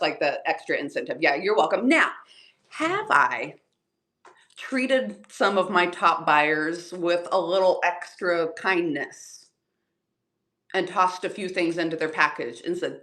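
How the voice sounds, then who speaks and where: Fast-talking woman hosting a livestream. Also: low voice. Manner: fast, animated, chatty, laughs often. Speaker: online reseller hosting a seller-support livestream. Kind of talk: livestream tutorial chat. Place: home room in front of shelves.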